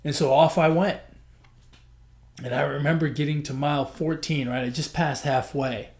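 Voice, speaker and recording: A man's voice: a little high, steady tone, normal speed, a little mellow. A man hosting a podcast, telling a personal story in an earnest, emotional way, often repeating himself. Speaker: podcast host.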